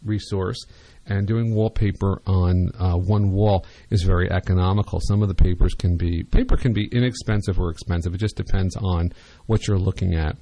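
A man's voice: sits low, fairly even intonation, moderate pace, mellow, no room sound. A man hosting a radio advice show about interior design, talking conversationally with many fillers and restarts.

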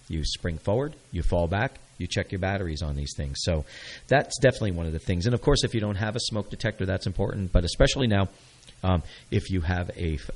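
A man's voice: deep voice, a little mellow, rough recording. A man hosting a local radio show, talking casually and upbeat, coaching listeners and checking in with "okay?".

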